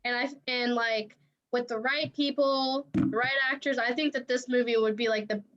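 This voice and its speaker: A woman co-hosting a podcast, chatting casually and retelling movie scenes in an animated way. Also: a little high, moderate pace. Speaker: podcast co-host. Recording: dull lo-fi podcast audio.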